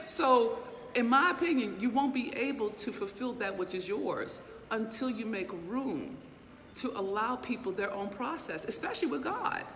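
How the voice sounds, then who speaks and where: This inspirational speaker and business mentor, a woman, gives a motivational livestream talk in a fairly high, animated voice at a moderate pace. She's blunt, emphatic and profane, full of rhetorical check-ins. The space is reverberant, with long reverb and faint background noise.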